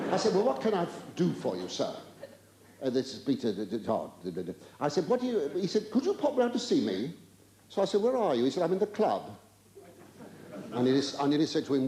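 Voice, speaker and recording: An older man doing live stand-up comedy in a large theatre, camp and rambling, with drawn-out exclamations and stammering asides. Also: mid-range voice. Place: large theatre stage with an audience. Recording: roomy live theatre recording with audience noise.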